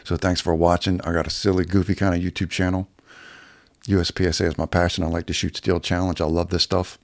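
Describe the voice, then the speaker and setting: A man's voice: low-pitched, little pitch movement, fast talker, no echo. A man telling a rambling, profane story on his own casual video channel. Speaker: YouTuber.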